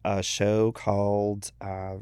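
Man, low voice, young adult, drag performer, casual storytelling, swears a lot, dry close sound. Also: monotone, takes it slowly, darkish tone, clear, resonant tone, no echo. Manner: chatty storyteller, swears freely, acts out quotes. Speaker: podcast guest, drag performer. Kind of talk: casual chat.

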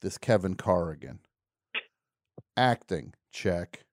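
A man's voice: sits low, lively intonation, slow, no room sound, clean studio sound. A man hosting a podcast in a casual, jokey, rambling way. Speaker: podcast host. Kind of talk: casual chat.

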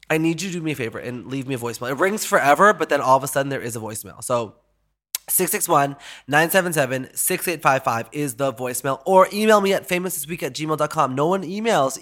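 A man hosting a podcast in casual, jokey, animated chat, swearing freely. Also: fairly high pitch. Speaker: podcast host.

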